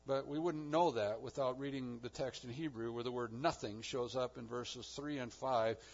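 A man preaching a sermon with emphatic delivery, rising to loud declarations and dropping to hushed low lines. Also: fairly even intonation, moderate pace, gravelly, dull audio. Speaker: pastor.

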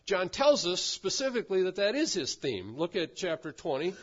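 A man's voice: sits high, big pitch swings, normal speed. A pastor giving a sermon, talking conversationally and asking his congregation questions. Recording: dull lo-fi sound.

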